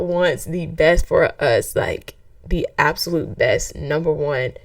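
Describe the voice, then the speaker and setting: A young adult woman hosting a faith podcast, talking in a lively, conversational way and acting out quoted voices. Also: sits low, slow, no echo, recorded from a distance. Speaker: podcast host; track coach.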